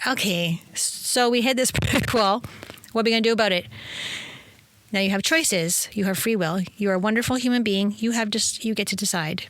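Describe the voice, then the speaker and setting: An energetic woman hosting a spiritual podcast, talking in a rambling, effusive monologue. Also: medium pitch, fairly quick, no room sound. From Italian heritage. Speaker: spiritual teacher and podcast host. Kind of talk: casual inspirational monologue.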